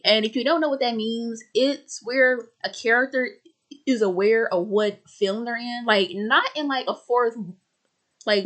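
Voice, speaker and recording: A woman's voice: mid-range voice, a bit bright. Woman film reviewer, casual and rambling, audible stutter, lots of fillers, acts out quotes. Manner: chatty, rambling with fillers and repeated words; acts out characters' lines in quick put-on voices.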